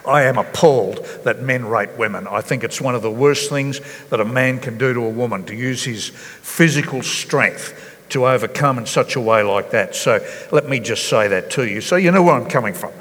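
Man, pastor, sermon, earnest, halting with fillers, long church reverb. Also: medium pitch, a bit bright. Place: church hall.

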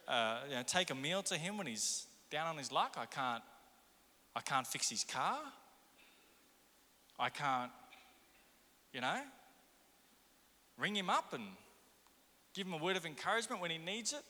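A man's voice: a little high, animated, a little slow, long pauses, bright, forceful tone, in a large hall. A man preaching a sermon as pastor, firing rhetorical questions at the congregation. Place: church.

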